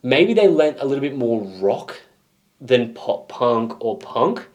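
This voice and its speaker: A man's voice: mid-range voice, slow pace, muffled recording. A man with an Australian accent co-hosting a music reaction show, chatting casually and teasing his co-host. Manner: teasing, animated storyteller. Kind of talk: casual chat.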